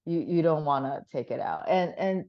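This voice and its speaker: Woman guest, low voice, animated chatty storyteller who swears casually; dull lo-fi sound. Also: normal speed.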